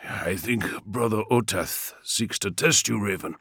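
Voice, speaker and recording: A man voicing a gravelly stern war captain. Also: lowish voice, unhurried, fairly bright tone, no room sound, clean studio sound, exaggerated voice. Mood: terse. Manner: terse, commanding. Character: wounded stern male warrior captain.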